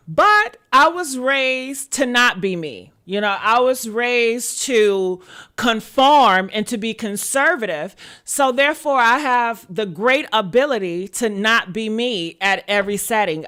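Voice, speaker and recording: A woman hosting a casual live-stream, talking loudly and playfully, often yelling, then dropping to a softer, quieter tone. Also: fairly high pitch, lively intonation, unhurried. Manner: swings between loud outbursts and a quieter put-on mature tone. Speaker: host.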